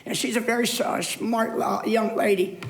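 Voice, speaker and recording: A man's voice: sits high, steady tone, moderate pace, gravelly. Older man, public commenter, emotional and rambling, pleading; roomy chamber sound. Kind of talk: public comment at a city meeting. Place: city council chamber.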